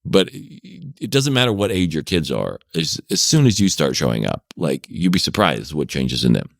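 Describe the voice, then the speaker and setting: A man's voice: extremely low pitch, sing-song, moderate pace, gravelly, no room sound. A middle-aged man chatting casually on a podcast, telling rambling personal stories with frequent chuckles. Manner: rambling storyteller, chuckles often. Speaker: podcast guest, parenting coach. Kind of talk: casual chat.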